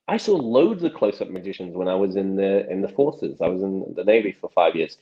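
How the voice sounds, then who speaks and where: Man, 30s, low voice, chatty magician guest, rambling storyteller, dull recording. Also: brisk, few pauses. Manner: rambling storyteller with many restarts and acted quotes. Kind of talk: casual interview chat.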